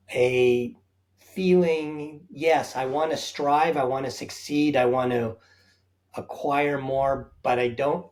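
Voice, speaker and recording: Guy talking about his passion, earnest, thinks out loud, lists points, ordinary mid pitch. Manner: earnest, reflective, enumerates points. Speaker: guest, safari company founder. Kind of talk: conversational interview answers.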